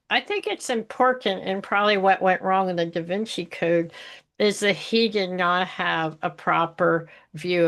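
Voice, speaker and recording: A woman's voice: mid-range voice, a bit bright. A woman hosting a faith podcast, chatting casually and rambling a little as she talks with her guest. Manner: chatty, rambling, laughs often. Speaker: podcast host. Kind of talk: casual interview chat.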